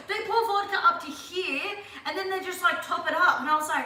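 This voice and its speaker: A young Australian woman in her twenties hosts a livestream, chatting casually, reading viewer questions aloud and laughing often. Her voice is very high, pushed and bright, at normal speed with hardly any pauses. She's far from the mic in an echoey room, so she sounds off-mic.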